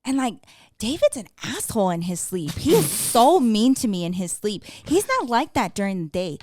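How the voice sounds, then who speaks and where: A woman in her thirties co-hosts a couples podcast, talking loosely and animatedly and dropping frequent curse words. Her voice sits at an ordinary middle pitch. The recording is close and dry, with no room sound. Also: moderate pace, dry recording. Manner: animated storytelling, profanity, laughs a lot. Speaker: podcast co-host. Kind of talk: casual chat.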